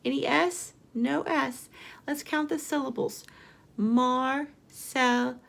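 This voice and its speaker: Slow patient woman teaching small children. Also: sits high, steady tone, vocal fry, a bit bright. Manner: slow, patient, sing-song prompting, spelling letters aloud. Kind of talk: remote lesson for young children.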